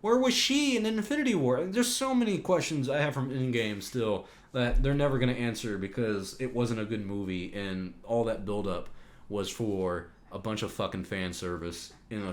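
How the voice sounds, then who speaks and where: A man's voice: on the low side, normal speed. A man hosting a casual solo podcast, reading out viewer questions and giving blunt opinions, swearing when he gets worked up.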